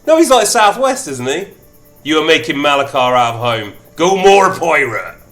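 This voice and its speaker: A man's voice: on the high side, sing-song, normal speed, a bit bright, soft background music. A man streaming a strategy game, chatting playfully and reading event text aloud in shifting mock accents.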